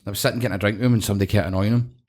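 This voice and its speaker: A man's voice: lowish voice, fairly even intonation, very fast, darkish tone. A middle-aged Scottish man hosting a podcast, telling sweary, laughing stories in casual chat. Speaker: podcast host.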